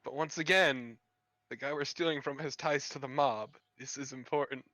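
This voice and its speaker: Bright-voiced joking man playing a character. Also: mid-range voice, fairly even intonation, moderate pace, highs cut off. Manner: joking, crude, laughing easily. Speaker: player. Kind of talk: casual in-character tabletop chat.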